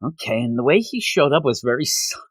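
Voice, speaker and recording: A man co-hosting a manga review show in casual chat, retelling scenes in an animated way with quick asides. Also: mid-range voice, husky, dry recording. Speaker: podcast co-host reviewing manga.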